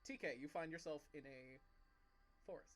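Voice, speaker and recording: Man, game master, bright voice, hesitant drawn-out narration. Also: on the high side.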